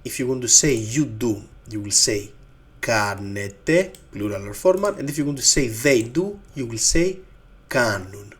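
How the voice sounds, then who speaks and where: A man's voice: medium pitch, expressive, normal speed, hardly any pauses. A man with a Greek accent, a native Greek speaker teaching his language in English, patiently repeating each form. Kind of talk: slow explanatory lesson.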